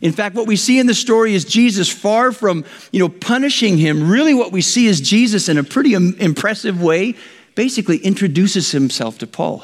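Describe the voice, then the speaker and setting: High-voiced male pastor in a reverberant hall. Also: a little fast. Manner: animated storytelling with acted-out quotes. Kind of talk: sermon.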